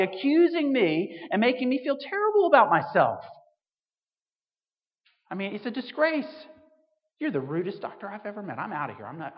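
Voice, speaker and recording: Man playing a huffy, outraged patient, ranting loud and high, in a reverberant, muffled hall.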